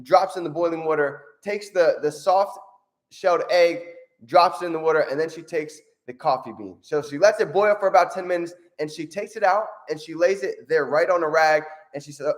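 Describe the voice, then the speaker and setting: A man hosts a motivational video, upbeat and energetic. His voice sits high. He keeps checking in with "right?" as he tells his story. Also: fairly quick. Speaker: motivational vlogger.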